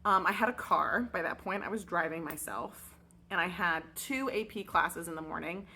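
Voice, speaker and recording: A young adult woman, a teacher, telling a chatty, expressive storytime vlog with lots of fillers. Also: lowish voice, normal speed, slight background noise.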